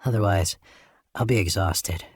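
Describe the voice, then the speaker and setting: A man plays a nervous young woman artist, fretting and anxious. The voice stays low and husky, only slightly lifted. The sound is dry and close. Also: a little slow, dry recording, heavily acted. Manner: anxious, fretful.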